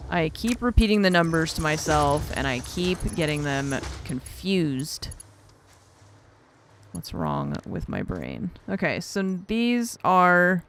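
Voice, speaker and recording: A woman's voice: on the low side, sing-song, slow, creaky, slight background noise. A young woman streaming a factory-building game, thinking aloud and getting flustered as she juggles numbers, poking fun at herself. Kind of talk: casual gameplay commentary.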